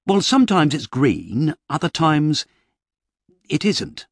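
A man voicing a flustered writer who talks in a fussy, rambling, exasperated way, pitched up from his reading voice, in an audiobook. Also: sing-song, slow, dry recording, studio quality, full character voice. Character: flustered middle-aged male fantasy writer.

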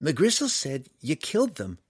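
A man voicing a young village girl, kind and loyal, with a raised, girlish pitch in an audiobook. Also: huge pitch swings, measured pace, breathy edge, no room sound, clean studio sound, heavily acted. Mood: worried. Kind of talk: audiobook character voice.

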